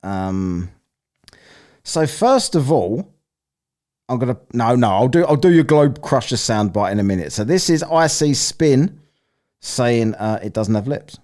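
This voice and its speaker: A man's voice: mid-range voice, big pitch swings, measured pace, a little mellow. A man hosting a casual live-stream, rambling, swearing and laughing as he plays listener clips. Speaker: streamer hosting a soundbite contest.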